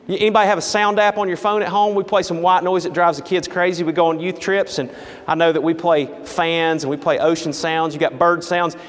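High-voiced preacher in echoey hall. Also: male voice. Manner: storytelling, dramatic, emphatic. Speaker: pastor. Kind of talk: sermon.

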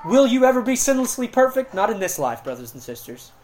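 A woman preacher delivering a sermon, slowing down to stress key words and swinging between loud emphasis and quiet, hushed passages. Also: fairly high pitch, big pitch swings, slight background noise.

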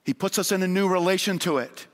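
A man preaching a sermon in earnest, moving between raised emphasis and hushed appeals. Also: high voice, fast talker. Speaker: pastor. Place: church sanctuary. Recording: long church hall reverb.

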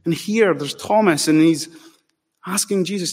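A man preaching an expository sermon as pastor, emphatic, slowing down to stress key words. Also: fairly high pitch, husky. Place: church sanctuary. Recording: long reverb in a large hall.

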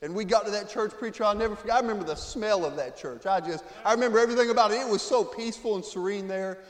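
A guest preacher from Florida, USA, delivers an emotional testimony sermon in a church sanctuary, his high-pitched voice rapid-fire. He swings from a hush to loud cries, and the echoey hall adds long reverb.

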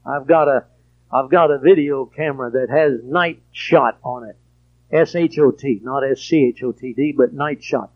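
A man preaching a sermon, swinging from quiet storytelling to loud, emphatic passages. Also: mid-range voice, moderate pace. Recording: dull lo-fi recording.

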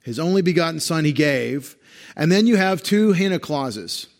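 An animated pastor with a slightly high voice speaks at normal speed through an expository sermon, patiently explaining Greek grammar and highlighting things on a screen as a teacher might.

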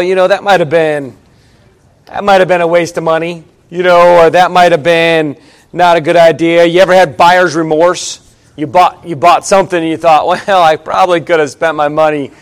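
A man's voice: on the high side, clear, resonant tone. A man serving as pastor, talking to the congregation in a conversational way. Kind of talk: sermon announcements.

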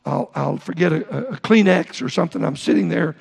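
Middle-aged male pastor, high gravelly voice, preaching a sermon, echoing through a long-reverb church hall. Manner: halting, repeats words, explains Greek terms. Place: church sanctuary.

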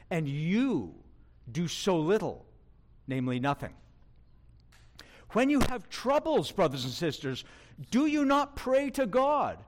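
A man preaching a sermon in a fairly high voice that swings widely up and down. He speaks slowly and with emphasis, putting questions straight to his listeners.

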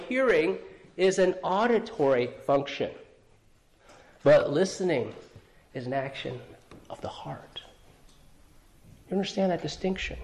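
A man with a high-pitched voice preaching a sermon to his congregation. He speaks earnestly and often restarts his phrases. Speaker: pastor.

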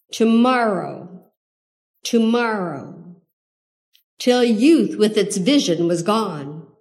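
A woman reciting a poem in a solemn, measured way. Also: a little high, a little mellow. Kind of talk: poetry recitation.

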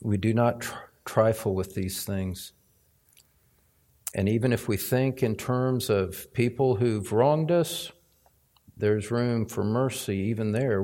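A man's voice: mid-range voice, measured pace, warm tone. A male pastor preaching a sermon, emphatic, climbing to stressed points and repeating words for weight. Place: church sanctuary.

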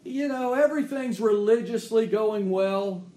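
High-voiced preacher in an echoey church. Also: male voice, measured pace, dark tone. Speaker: pastor. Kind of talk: sermon.

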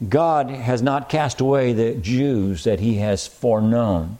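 Preacher, male, mellow tone, emphatic sermon delivery, slows for scripture. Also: medium pitch. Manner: emphatic, repeats key phrases, slows on scripture.

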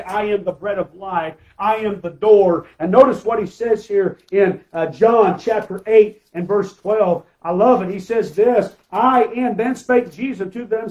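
A man's voice: high voice, a little mellow, highs cut off. A male pastor preaching a sermon, emphatic, asking rhetorical questions and calling for amens from the congregation.

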